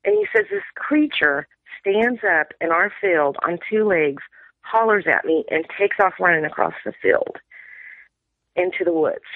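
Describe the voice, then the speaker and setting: A woman's voice: fairly low pitch, sing-song, unhurried, no room sound. Middle-aged female caller on a phone line, rambling storyteller, quotes family in dialogue. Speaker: caller sharing an encounter. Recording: tinny dry phone line.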